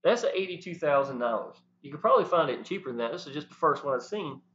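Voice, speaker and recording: A man talking to the camera, animated and preachy, often saying "y'all". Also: fairly high pitch, fast, slight background noise. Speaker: network marketing promoter. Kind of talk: casual talk to camera. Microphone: camera mic. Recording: dull lo-fi sound.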